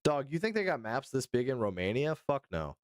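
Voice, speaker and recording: A man's voice: mid-range voice, big pitch swings, fairly quick, clean tone, dry recording, studio quality. A man from the United States chatting casually on a live stream, joking with a lot of swearing and answering his chat.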